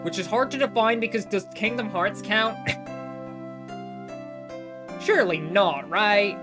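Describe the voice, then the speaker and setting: A young Australian woman gives casual, chatty live-stream commentary in a mid-range voice at a measured pace, swearing freely and throwing in self-mocking asides. Game music plays in the background.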